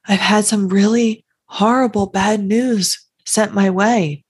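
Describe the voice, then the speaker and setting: Husky, heartfelt woman podcast host. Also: medium pitch, steady tone, takes it slowly, hardly any pauses. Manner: earnest, heartfelt, emphatic. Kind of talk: solo podcast monologue.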